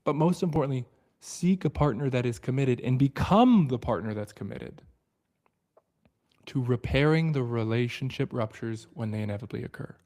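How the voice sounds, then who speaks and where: A man hosting a book study livestream, with a mellow, warm tone. He talks earnestly and reflectively and often sinks into a hushed, quiet delivery. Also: moderate pace. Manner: earnest and reflective, often drops to a soft low voice.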